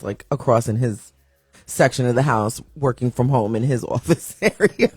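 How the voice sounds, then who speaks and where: A woman hosting a live stream show, talking casually with a raspy morning voice, reading and answering viewer comments and greeting people as they join. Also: rumbling low, normal speed, no echo, clean studio sound. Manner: playful sing-song shout-outs to viewers joining.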